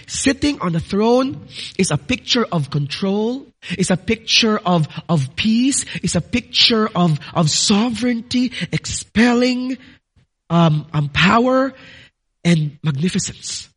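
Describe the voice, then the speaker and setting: Male preacher, very high bright voice, earnest sermon delivery that builds to emphatic declarations. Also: lively intonation, takes it slowly, husky. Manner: addresses listeners as "dearly beloved".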